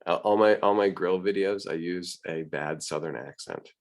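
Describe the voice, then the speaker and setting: A man's voice: deep voice, normal speed, slight background noise. A man, an art teacher, chatting casually with his class, hesitant, with many restarts.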